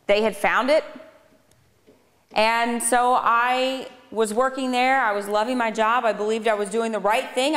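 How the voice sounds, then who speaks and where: Speaking at a normal-to-slow pace, a slightly bright voice on the high side holds a steady tone. She is a woman in her thirties on a speaking tour, giving a live audience a conversational testimony laced with dry sarcastic asides, and the lecture hall's reverb colors the recording.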